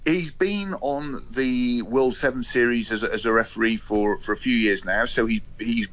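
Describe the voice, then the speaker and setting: A man's voice: mid-range voice, moderate pace, a bit bright, dull audio. A man on a radio show giving sports news in casual chat, full of fillers and restarts. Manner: hesitant, many fillers and restarts. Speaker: rugby union spokesman.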